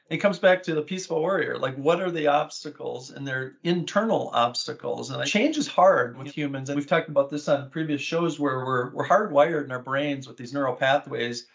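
A man's voice: on the high side, vocal fry, fairly bright tone. A man hosting an interview, affirming and enthusiastic as he reflects back on his guest's stories. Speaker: interview host. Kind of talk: interview conversation. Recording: muffled lo-fi audio.

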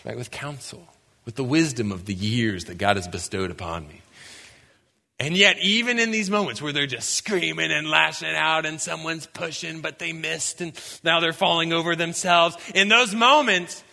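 A young man preaching a sermon as a pastor, telling lively stories and breaking into shouts to act out scenes. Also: a little high, gravelly. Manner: animated storytelling, bursts into shouts when acting out scenes. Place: church sanctuary. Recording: long hall reverb.

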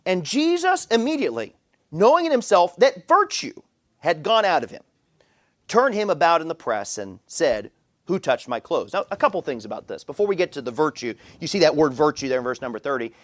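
Animated male pastor preaching a sermon. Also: fairly high pitch, a little fast. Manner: animated preaching with frequent stammered repeats. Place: church.

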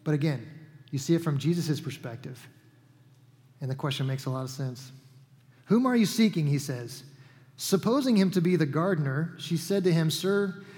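A man's voice: a little high, normal speed, dark tone, long reverb tail. A man preaching a sermon, retelling scripture in a conversational, storytelling way with casual asides. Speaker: pastor.

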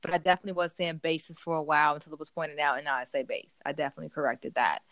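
A woman co-hosting a podcast in casual chat, telling lively stories and acting out what people said. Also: low-pitched, racing, no echo. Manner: animated storytelling, acts out quotes. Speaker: podcast co-host.

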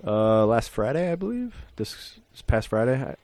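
A man's voice: medium pitch, very animated, moderate pace, darkish tone, no room sound. A young man chatting casually on a podcast, rambling, swearing freely and laughing often. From Mexican-American. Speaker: podcast host.

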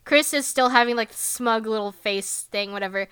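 A woman chatting casually as a podcast co-host, very animated, laughing often, filling her talk with "like" and acting out characters with sudden jumps in pitch. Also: moderate pace, clear, resonant tone, no echo. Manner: swears casually, lots of filler "like". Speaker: podcast co-host recapping an anime episode. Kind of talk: casual chat.

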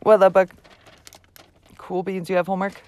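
A woman's voice: mid-range voice, completely flat delivery, moderate pace, darkish tone. A mother hosting her own show, delivering a blunt, profane, emphatic motivational monologue. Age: adult mother. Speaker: host.

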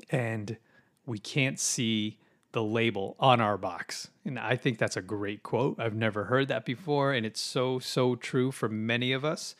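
Man, podcast host, chatty, loose, lots of ums and restarts, mid-pitched voice. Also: fairly bright tone. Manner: chatty, many fillers and restarts. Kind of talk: casual podcast chat.

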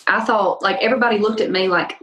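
A woman's voice: mid-range voice, quick pace, poor audio. A young woman from Louisiana with a thick Southern accent, a country singer-songwriter chatting on a podcast and telling stories with lots of laughter. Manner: laughs often, animated storytelling. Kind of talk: casual podcast interview.

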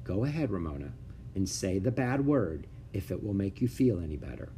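A man reading aloud and voicing a gentle, tired mother who speaks softly and patiently. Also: medium pitch, moderate pace, slight background noise, natural voice. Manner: soft and gentle.

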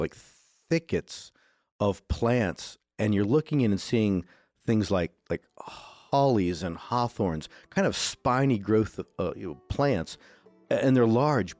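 Halting male game master. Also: on the low side, a little mellow, dry recording, studio quality. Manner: halting, with many fillers. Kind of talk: narrating a tabletop game and telling stories.

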